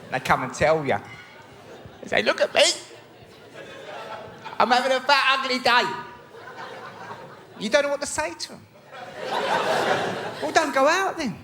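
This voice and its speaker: A cheeky East End London male comic on stage, acting out people as he talks. His high voice swings widely in pitch. The room is echoey, with a loud audience and heavy noise. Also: lively intonation, moderate pace, long pauses, a loud crowd. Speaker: guest stand-up comedian. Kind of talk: stand-up comedy set. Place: studio stage with a live audience.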